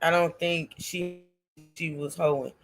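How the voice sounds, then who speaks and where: A woman co-hosting a livestream in a chatty, animated way, talking with callers and viewers. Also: low voice, slow pace, faint music behind. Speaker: livestream co-host. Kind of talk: casual commentary chat.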